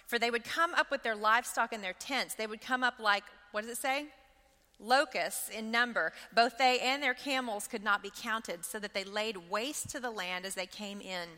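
Bright-voiced woman teaching Bible study. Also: fairly high pitch, moderate pace, big-room sound. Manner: reads scripture, then explains with rhetorical questions.

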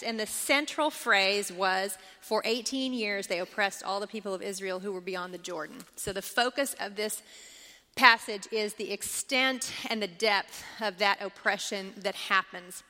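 Leading a Bible study class, a woman reads scripture aloud and keeps the group engaged by asking them questions along the way. Her mid-range voice has a sharp tone and normal speed, with a long reverb tail behind it.

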